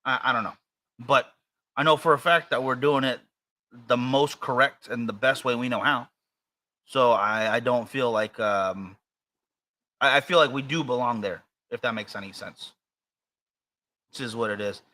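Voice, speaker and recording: Speaking at a moderate pace and pausing often, an American man co-hosting a podcast chats casually in a mid-range, sharp-toned voice. His talk is rambling and hesitant, full of fillers and false starts.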